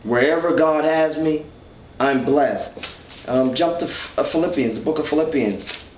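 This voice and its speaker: A man leads an informal Bible study, reading verses and working through them earnestly with frequent restarts. His voice sits a little high for a man. He is recorded from some distance in an echoey room with a faint hum of ambience. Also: unhurried. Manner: earnest, thinks aloud with restarts, reads scripture.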